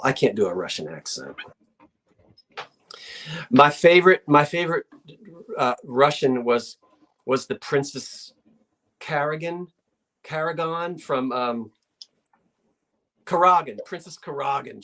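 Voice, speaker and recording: A woman's voice: extremely low pitch, unhurried, pauses often, a bit bright. A woman hosting a live online sale, describing an item in casual, rambling chat full of asides.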